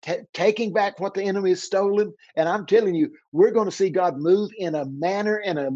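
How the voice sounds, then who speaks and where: A man preaching on a talk show, fervent and fast, often repeating and stumbling over his words. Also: high-pitched, darkish tone, dry recording, dull audio. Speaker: guest preacher.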